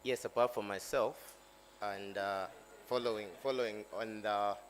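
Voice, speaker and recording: Man, co-host, low voice, hesitant, faint hum. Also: steady tone, unhurried. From Uganda. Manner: hesitant, with fillers. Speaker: event co-host. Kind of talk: introducing a speaker.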